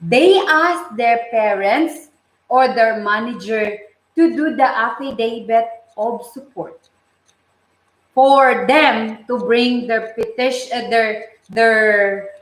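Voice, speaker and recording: A woman with a Filipino accent talks slowly and casually on a live stream from a home kitchen, reading viewer comments aloud and greeting them by name. Her voice sits high, and she often repeats words and restarts phrases as she thinks aloud. The room sounds echoey. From Philippines. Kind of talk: casual live-stream chat while cooking.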